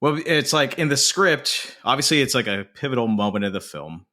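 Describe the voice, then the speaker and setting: A man co-hosting a casual film podcast, retelling a movie scene in animated detail with plenty of swearing. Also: mid-range voice, fairly quick. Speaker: podcast co-host.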